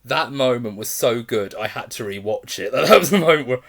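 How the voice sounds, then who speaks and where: A man's voice: mid-range voice, lively intonation, moderate pace, creaky, fairly bright tone. A man giving a casual film review, rambling with enthusiasm, restarting sentences and often laughing.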